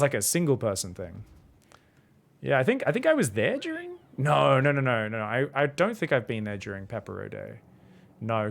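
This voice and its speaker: Gravelly laid-back man. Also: mid-range voice. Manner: laid-back, rambling, swears casually. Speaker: StarCraft coach and streamer. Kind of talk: casual game commentary and chat with viewers.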